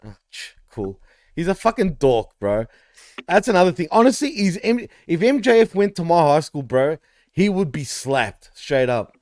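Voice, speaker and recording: A male co-host chatting loosely about wrestling, cursing freely and often breaking into laughter. His voice sits a little high for a man. The sound is dry and close to the mic. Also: sing-song, moderate pace, a little mellow, no echo. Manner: swears a lot, laughs often, teasing. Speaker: podcast co-host. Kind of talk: casual wrestling chat.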